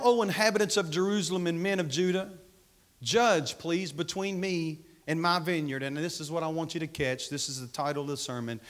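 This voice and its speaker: A man's voice: on the high side, fairly bright tone. A man preaching a sermon as pastor, fervent, repeating phrases and calling out to the congregation. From United States. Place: church sanctuary.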